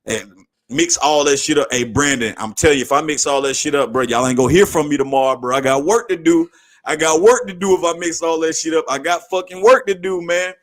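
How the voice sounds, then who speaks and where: Male podcast host, slightly high voice, casual and profane, easily hyped into shouting. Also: brisk. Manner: excitable, profane, slangy, breaks into shouting. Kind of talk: casual hyped sports talk.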